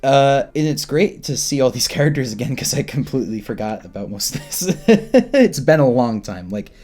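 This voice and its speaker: A man's voice: medium pitch, very animated, normal speed, darkish tone, soft background music. A man giving an informal, rambling comic book review, laughing often and poking fun at himself. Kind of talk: informal discussion to camera.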